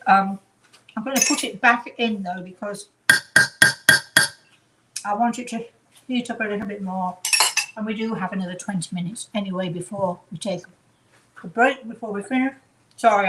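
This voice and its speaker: English woman hosting a home cooking show, rambling and self-mocking, soft clatter of pots in the kitchen. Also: mid-range voice, noisy background. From England. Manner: chatty, rambling, self-deprecating asides. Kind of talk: casual home cooking demonstration.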